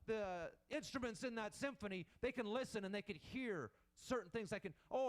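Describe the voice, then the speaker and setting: A man preaching a sermon in an earnest manner, repeating and restarting as he builds his points. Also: high-pitched.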